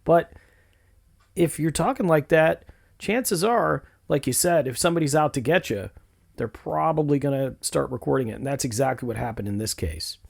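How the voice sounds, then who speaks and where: Gravelly-voiced man hosting a podcast. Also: on the high side, expressive, moderate pace. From Western New York. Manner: conversational, storytelling, asks questions. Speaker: podcast host. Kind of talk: podcast discussion.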